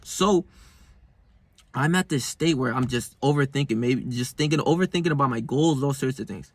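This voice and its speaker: A man's voice: mid-range voice, moderate pace, breathy edge, no room sound. A man in his twenties talking casually in a vlog, rambling in slang with plenty of swearing. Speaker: self-help vlogger.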